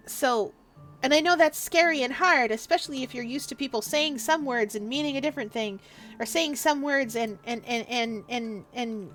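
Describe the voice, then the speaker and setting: Lady streamer just chatting, kinda high voice, rambles and does little voices for quotes, faint music behind. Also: a bit bright. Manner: rambling, gives advice, acts out quoted speech. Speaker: livestreamer. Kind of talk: casual livestream chat.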